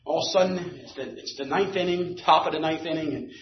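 A man with a high voice tells a lively story to a recovery group and climbs to shouting at the climax. He is caught from across an echoing meeting room on a dull, muffled recording with a faint hum of room ambience behind him. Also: fast talker. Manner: animated, building to shouting at the climax. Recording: echoey room, distant dull mic.

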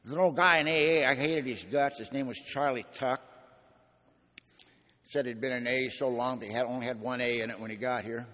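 A man's voice: mid-range voice, steady tone, brisk, a bit bright. Man telling his recovery story, echoey hall. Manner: storytelling, emphatic, wry. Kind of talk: personal testimony to an audience. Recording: long echoing hall reverb.

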